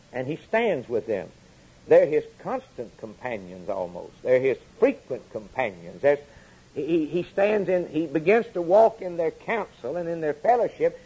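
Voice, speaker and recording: A man delivers a sermon with a husky, somewhat high voice. He hammers phrases again and again, letting his voice rise for emphasis and then sink low. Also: a little mellow, poor audio. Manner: repetitive emphatic preaching cadence, rising and falling. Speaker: preacher.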